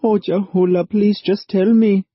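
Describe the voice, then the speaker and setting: A sharp-tongued, stubborn young woman with a raised, eager voice, as a man puts her on. The recording is dry and slightly muffled, audiobook style. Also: high voice, level tone, unhurried, dry recording, voice pushed up. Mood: eager pleading. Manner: snappy, then eager.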